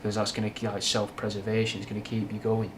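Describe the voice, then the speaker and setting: Manc lad rambling thru chat questions, bit of scouse twang, lowish voice, faint hum behind. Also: male voice, completely flat delivery, fast talker. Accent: Mancunian with a slight Scouse twang. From Manchester, England. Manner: rambling, frank and swearing, with British slang. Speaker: livestream host answering chat. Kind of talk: casual livestream chat.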